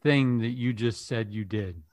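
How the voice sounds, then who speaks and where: A man in the middle of the usual pitch range co-hosts a casual interview podcast. He tells stories upbeat and quick to laugh. The recording is dry and close. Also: a little mellow, no echo. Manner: storytelling, upbeat, laughs easily. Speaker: podcast co-host.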